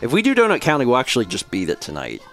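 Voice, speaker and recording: Brief: male streamer, animated up-and-down delivery, chatty, faint music underneath. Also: medium pitch, rapid-fire. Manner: chatty, thinks aloud, laughs often. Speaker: streamer host. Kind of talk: casual chat while setting up a game stream. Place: home streaming setup.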